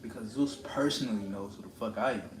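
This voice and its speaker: On a live stream, a man with a lowish voice rants at a brisk clip, confrontational and preachy, hammering lines through repetition. Roomy echo and constant background noise fill the recording.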